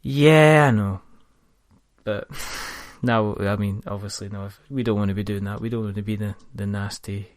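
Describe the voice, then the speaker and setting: A man's voice: fairly low pitch, fairly even intonation, normal speed, no room sound. A man hosting a gaming podcast, chatting casually in a rambling, jokey way. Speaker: podcast host. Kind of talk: casual chat.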